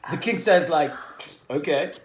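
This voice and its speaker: A man's voice: high voice, sing-song, unhurried. A man reading a children's story aloud in a slangy, laid-back surfer-dude manner. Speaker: guest co-reader. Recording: echoey room.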